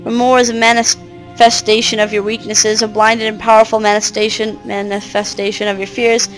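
Woman doing a creepy old doctor guy explaining his experiments all smug, highish voice. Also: flat delivery, fairly quick, faint music behind, natural voice, rough recording. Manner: smug, lecturing. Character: old male asylum doctor, smug and manipulative.

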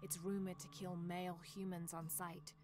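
An actress voicing a young female adventurer who calmly narrates lore in a video game. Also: lowish voice, moderate pace, noisy background, natural voice. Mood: informative. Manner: calm, informative. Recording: game audio with music.

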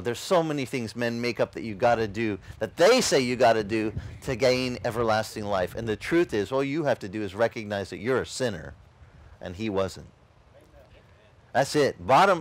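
A man pastor preaching an animated sermon with frequent restarts, voicing quoted figures, at an outdoor beach service. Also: mid-range voice, dry recording.

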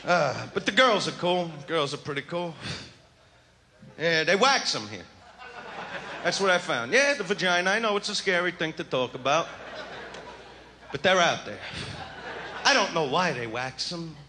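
Swaggering crude male comic, high lively voice, live noisy room. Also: moderate pace, pauses often. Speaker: stand-up comedian. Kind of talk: live stand-up routine. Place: comedy stage before an audience. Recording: live show with loud crowd laughter and noise.

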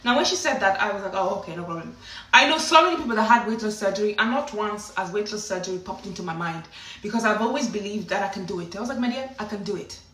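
Woman, vlogger, casual storytelling, animated and dramatic, bright voice, roomy echo. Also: medium pitch, fast. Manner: animated, dramatic, often laughing. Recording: roomy echo, mic at a distance.

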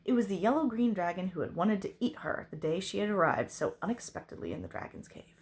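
A woman reading a children's novel aloud, expressive. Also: mid-range voice, fast. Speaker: reader.

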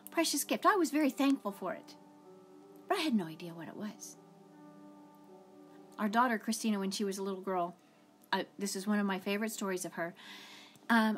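A middle-aged woman giving an earnest devotional talk, telling personal stories in a conversational way. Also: medium pitch. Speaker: ministry speaker.

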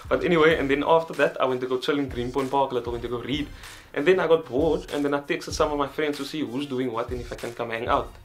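A young man from South Africa with a South African accent, excitedly rambling through a casual storytime vlog. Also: medium pitch. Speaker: vlogger. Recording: background music under voice.

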